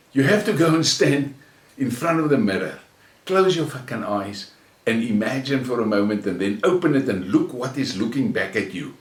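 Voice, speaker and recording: Profane South African man ranting in a roomy room. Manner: profane, mocking and contemptuous, swings between shouting and low sneering. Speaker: channel host. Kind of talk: angry ranting monologue. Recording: roomy echo, mic at a distance.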